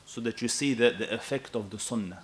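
A man in his thirties preaching a sermon in an animated, emphatic way, often checking with his listeners. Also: mid-range voice, fairly quick. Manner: animated and emphatic, with asides to the audience.

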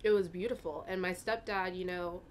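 A woman's voice: fairly low pitch, steady tone, normal speed, slight background noise. A young woman speaking candidly as an interview guest, rambling with fillers and getting emotional, at times tearing up. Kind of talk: casual interview talk.

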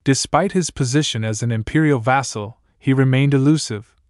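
A man reading a scripted story recap in an even, measured way. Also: medium pitch, no echo, clean studio sound. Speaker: narrator. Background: faint music.

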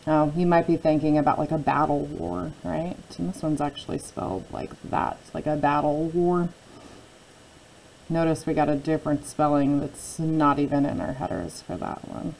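Female teacher, low gravelly voice, patient phonics lesson for kids. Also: flat delivery, darkish tone, slight background noise, low-quality recording. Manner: patient, drawn-out word modeling. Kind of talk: phonics lesson for young children.

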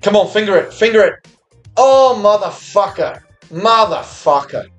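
An Australian man streaming slot games, swearing constantly and cheering loudly at the screen in casual live commentary. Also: high-pitched, measured pace, faint music behind. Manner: profane, excitable, cheers at the screen. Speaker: slots streamer.

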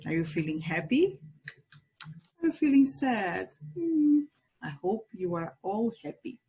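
A woman teaching English to young children, with a Brazilian Portuguese accent, speaking in slow, exaggerated, sing-song teacher talk with lots of repetition. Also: mid-range voice, big pitch swings, warm tone, husky. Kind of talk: children's language lesson.

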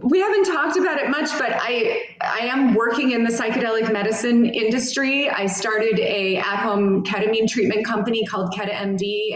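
A woman guest on a podcast, speaking in an earnest, thoughtful way with frequent "um" and "like" fillers. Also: medium pitch. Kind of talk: casual interview chat. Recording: echoey room.

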